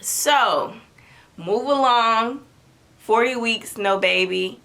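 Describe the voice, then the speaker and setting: A woman's voice: on the high side, very slow, gravelly, a bit bright, a little hiss or hum. A young woman vlogger telling her own story in a chatty, dramatic way, acting out what people said. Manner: chatty, dramatic, acts out quotes. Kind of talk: animated storytelling to camera.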